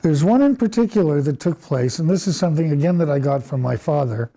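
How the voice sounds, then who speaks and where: An older man giving a university colloquium lecture, telling stories with frequent self-corrections and throat clearing. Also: a little high, lively intonation, fast talker, warm tone. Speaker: guest speaker.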